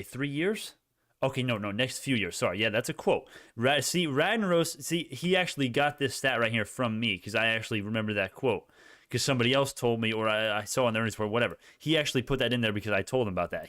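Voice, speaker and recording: A man giving live stock-market commentary, excitable and rambling, with frequent swearing and self-corrections. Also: mid-range voice, clear, resonant tone, no room sound, clean studio sound.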